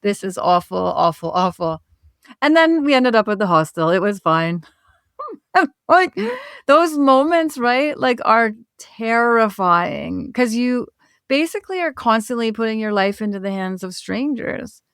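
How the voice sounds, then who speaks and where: A woman's voice: a little high, measured pace, clean tone, no echo, clean studio sound. A woman, a travel author and podcast guest, telling a travel story in a conversational way, laughing now and then. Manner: animated, laughs while telling stories.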